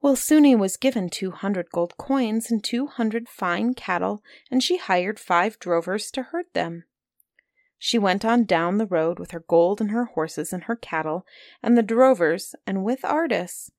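Storyteller, woman, dry close read with no room sound, expressive fairy-tale delivery. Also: mid-range voice, measured pace, dry recording. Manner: expressive read-aloud, voicing characters. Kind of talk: storybook reading.

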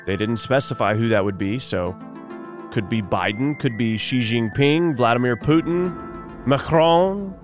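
A man hosting a morning radio show, chatting wryly through news items with offhand asides. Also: medium pitch. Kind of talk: solo talk radio monologue.

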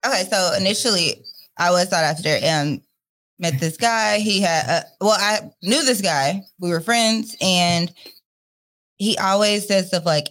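A woman's voice: fairly low pitch, measured pace, fairly bright tone. A young adult woman on a podcast, telling her own story candidly with lots of fillers and laughter. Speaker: podcast guest. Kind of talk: casual chat.

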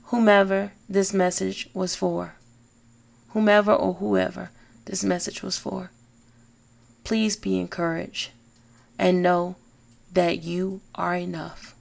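Slow, gravelly-voiced woman preaching encouragement. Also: on the low side, flat delivery. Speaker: podcast host. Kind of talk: inspirational faith talk.

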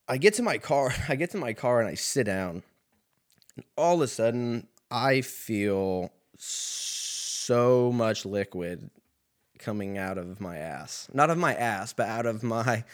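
A young man hosting a podcast, telling a comedic story in a rambling, profane way full of fillers, recorded at a laundromat. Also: mid-range voice. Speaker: podcast host.

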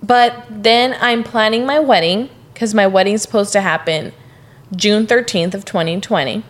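A woman's voice: medium pitch, normal speed. A young woman co-hosting a podcast, talking casually and working through her thoughts with fillers and follow-up questions. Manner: chatty, asks follow-up questions, talks things through with fillers. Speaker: podcast co-host. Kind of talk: casual chat.

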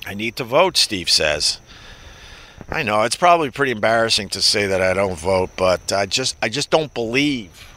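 Male stream host, bright edgy voice, rambling and foul-mouthed, reads chat aloud. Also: fairly low pitch, lively intonation, normal speed. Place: New York.

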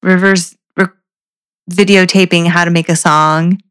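An American woman co-host who rambles through her thoughts. She is hesitant and fills her pauses with "um" and "like.". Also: on the low side, fairly even intonation, a bit bright, clear, resonant tone. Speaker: podcast co-host. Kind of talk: casual chat.

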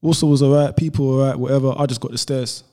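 A man's voice: medium pitch, fairly even intonation, rapid-fire, mellow. A man from London, a YouTuber, telling a travel story in casual chat, laid-back and full of slang asides. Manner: laid-back, peppers talk with "bro" and "whatever".

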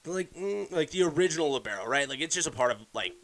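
A man's voice: fairly high pitch, animated, quick pace, a bit bright. A young man hosting a podcast, ranting casually and heatedly, swearing constantly and often restarting his sentences. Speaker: podcast host. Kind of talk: casual solo podcast rant.

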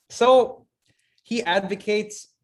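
A man co-hosting a podcast, bantering casually with laughs and slang. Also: high-pitched. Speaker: podcast co-host. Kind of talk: casual chat.

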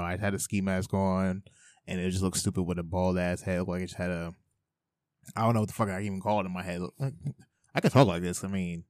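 On his casual solo podcast, a young man with a low, slightly mellow voice rambles, curses and chats with himself. It's studio quality with no room sound, captured on a headset microphone.

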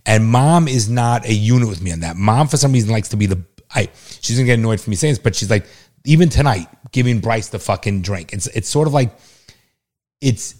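A man's voice: fairly low pitch, expressive, fairly quick, darkish tone. A middle-aged father talking on a casual family podcast. He is blunt and insistent, leans hard on his points and swears freely. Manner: emphatic, heavily profane, insistent. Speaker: father and co-host.

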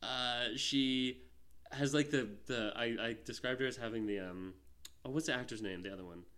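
Man, podcast co-host, casual film chat, rambling, lots of fillers, mid-pitched voice. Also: steady tone, normal speed, a bit bright. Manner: rambling, full of "like" and restarts.

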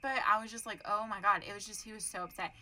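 Bright, animated woman. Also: mid-range voice, quick pace, low-quality recording. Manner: animated, profane, acts out voices in her story. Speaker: podcast co-host. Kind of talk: casual chat, storytelling.

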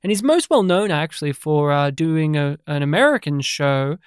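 A podcast co-host chatting casually about films, animated and jokey, with a habit of slipping into mock impressions. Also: mid-range voice, normal speed, smooth, no room sound, studio quality. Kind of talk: casual chat.

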